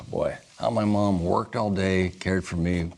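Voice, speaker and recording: A man's voice: sits low, fairly even intonation, slow pace, gravelly, a little mellow. A man guest on a talk show, chatting casually and reading jokes aloud, playful and laughing at his own lines.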